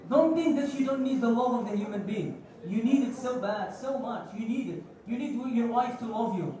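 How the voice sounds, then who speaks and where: A man's voice: extremely high pitch, animated, moderate pace, warm tone. A man giving a passionate Friday sermon, telling stories and mixing phrases into his talk. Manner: passionate, storytelling, mixes Arabic phrases. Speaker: preacher. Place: large mosque prayer hall. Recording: echoey hall, voice from far off.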